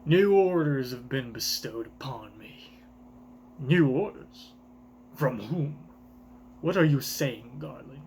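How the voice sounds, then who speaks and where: A man voicing a stern, imposing commander in a low, cold, measured delivery. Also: darkish tone, slight background noise. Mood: cold, menacing.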